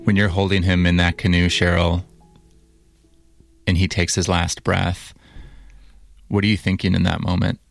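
A man narrating a documentary story as reporter in a measured, even way, also asking interview questions. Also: deep voice, gravelly, soft background music.

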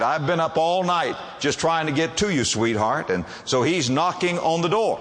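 A man preaching a sermon to a congregation, emphatic and quick to ask them rhetorical questions. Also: a little high, expressive, a bit bright, in a large hall.

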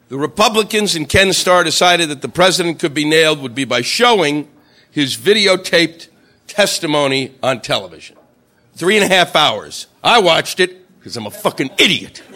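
A male stand-up comedian doing a profane, exasperated routine, sometimes breaking into shouted voices. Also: on the high side.

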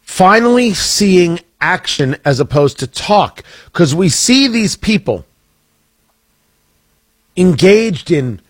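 A man hosting talk radio, reading an ad live and then commenting, in an energetic, emphatic and repetitive way. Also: sits high, slow pace, long pauses, dry recording.

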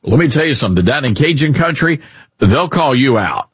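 A man hosting a talk radio show, giving animated, mocking opinions and chatting with a co-host. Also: mid-range voice, a little fast, husky, no echo.

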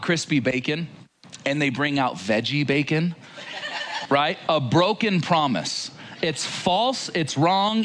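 A male preacher giving a sermon in a conversational, animated way, talking straight to his listeners. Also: fairly high pitch, slight background noise. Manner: animated, conversational, direct address.

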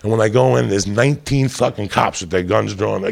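Gravelly, profane man spinning a story. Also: lowish voice, brisk. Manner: profane, rambling, laughs while telling.

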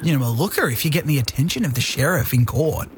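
A man's voice: a little high, animated, slight background noise. A young Australian man hosting a radio show, chatting and joking loosely into a studio mic. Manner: chatty, teasing, quick to joke. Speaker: radio host. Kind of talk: casual radio banter.

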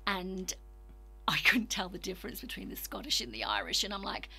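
A woman from Britain hosting a casual chat, chatty and quick to laugh. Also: medium pitch, very animated, vocal fry, sharp tone, husky.

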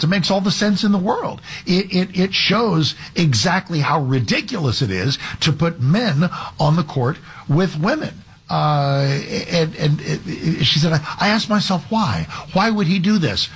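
A man's voice: on the high side, lively intonation, a little slow, a bit bright, slightly rough. A man hosting a talk radio show as a fill-in, talking in a conversational, argumentative way with frequent restarts. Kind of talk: conservative talk radio commentary.

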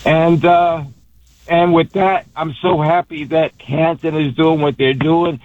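A man's voice: a little high, level tone, slow, dry recording. A middle-aged man from Puerto Rico speaking as a radio guest, passionate and rambling, with many restarts. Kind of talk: emotional phone interview. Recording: tinny phone line.

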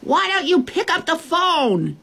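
A woman's voice: mid-range voice, huge pitch swings, brisk, husky, heavily acted. A woman voicing an eager little girl in a storybook reading, calling out instructions in a helpful, slightly bossy way. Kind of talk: storybook voice acting.

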